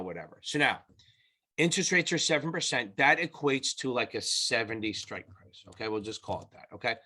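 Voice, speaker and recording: A man teaches exam students at a whiteboard in a loose, chatty style, with restarts and the odd swear word. His medium-pitched voice is bright and forceful.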